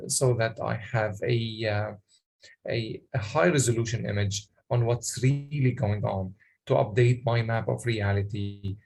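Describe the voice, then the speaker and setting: A man presenting a workshop, explaining in a halting way with many pauses and questions to the audience. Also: on the low side, gravelly, a little mellow.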